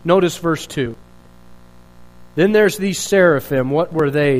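A man's voice: a little high, measured pace, pauses often, low-quality recording. A male pastor preaching a sermon in an earnest, searching way, asking rhetorical questions and restarting his phrases.

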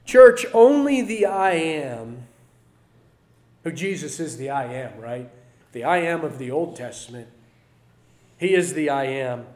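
A man preaching a sermon to his church, repeating key phrases and swinging between loud declarations and quiet asides. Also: fairly high pitch, lively intonation, measured pace, pauses often. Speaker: pastor.

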